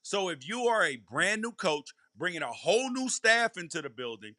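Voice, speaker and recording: A man's voice: high voice, very animated, moderate pace, sharp tone, dry recording, studio quality. A man hosting a live college football podcast, a former player giving emphatic commentary and hammering his points home by repeating them. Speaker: podcast host.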